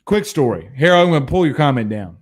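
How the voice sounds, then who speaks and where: A man in his thirties from Louisiana hosting a casual sports stream, reading viewer comments and telling stories in a blunt, animated way. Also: a little high, fast talker. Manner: animated storyteller, hums drum beats, blunt. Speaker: sports show host.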